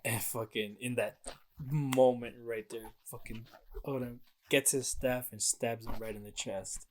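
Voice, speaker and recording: A young man co-hosting a podcast, excitedly retelling a video game's plot in casual chat and swearing freely. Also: mid-range voice, a little slow, a little hiss or hum. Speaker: podcast co-host.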